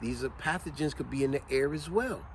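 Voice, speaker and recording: A man's voice: mid-range voice, fairly quick, a little hiss or hum. A man hosting a vlog, explaining things casually and telling stories with acted-out quotes and sneezes. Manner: animated storyteller who acts out quotes and sneezes. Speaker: vlog host.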